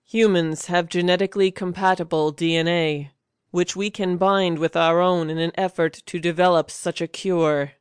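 A man voicing a stiff, judgmental alien being who talks in a slow, flat, mechanical way. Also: sits high, clean tone, no room sound, clean studio sound, close to an everyday voice. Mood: cold.

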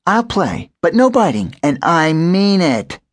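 A young female house cat from a children's storybook, played by a man. She talks briskly and a little self-importantly in a lifted, lively voice with a husky edge. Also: on the high side, voice pushed up.

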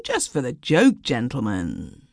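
A woman voicing a blustering, stout male commercial traveller with a husky voice. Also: a bass voice, wildly swooping pitch, slow, darkish tone, no room sound, clean studio sound, exaggerated voice. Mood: coaxing.

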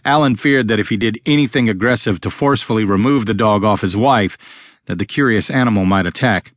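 A deep-voiced man narrates an audiobook, reading a script in a steady, measured way. The studio-quality recording has no room sound.

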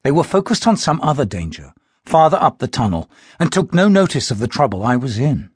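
A man narrating an audiobook in the first person, telling the story with expressive, tense delivery. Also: mid-range voice, a little fast, husky, dry recording, studio quality.

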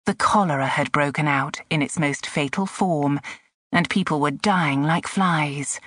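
Low-voiced woman narrating an audiobook. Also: no echo, studio quality. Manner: measured, hushed at tense moments. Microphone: close studio mic.

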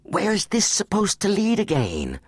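A woman's voice: medium pitch, huge pitch swings, a little slow, husky, no echo, voice pushed up, heavily acted. A man voicing a tough, scornful teenage girl spy who is itching for a fight, in an audiobook. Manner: cocky and scornful.

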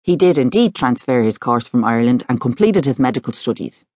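A woman voicing a polite, businesslike middle-aged male private investigator, with her voice pitched lower for him. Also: expressive, fairly quick, darkish tone. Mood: matter-of-fact.

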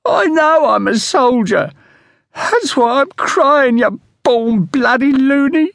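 A man voicing a drunk young male conscript soldier who is crying and croaks out his words. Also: very high-pitched, expressive, slow, fairly bright tone, no room sound, clean studio sound, pitched above the performer's own voice, heavily acted. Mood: tearful outrage. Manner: croaking, wailing.

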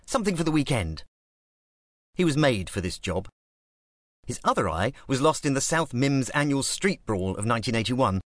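Animated male audiobook narrator. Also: on the low side, no room sound, studio quality. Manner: animated storytelling. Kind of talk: scripted narration.

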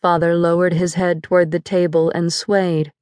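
A woman narrating a first-person audiobook in a measured, dramatic storytelling manner, close to a studio mic. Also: lowish voice, little pitch movement, a little mellow, clean tone, no room sound.

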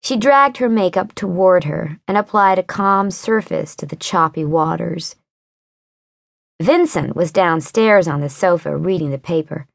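A woman narrating a thriller audiobook in a measured, unhurried way. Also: fairly low pitch, expressive, vocal fry, dry recording, clean studio sound. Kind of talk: scripted narration.

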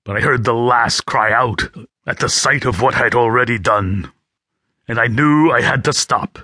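Bright man narrating an audiobook. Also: mid-range voice, normal speed, no echo, clean studio sound. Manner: gritty and vivid storytelling. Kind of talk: scripted first-person audiobook narration. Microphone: close studio mic.

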